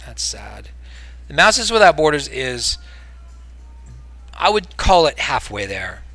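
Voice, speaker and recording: Faint music plays behind a man with an American accent who chats casually while streaming a game. His slightly high voice swings widely in pitch and moves slowly, drifting between rambling mumbles and loud, exasperated outbursts.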